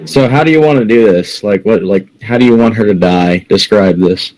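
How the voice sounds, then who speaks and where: A man acting as game master, briskly calling rules and prompting the players. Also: lowish voice, a little mellow, a little hiss or hum, poor audio. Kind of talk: running a tabletop game.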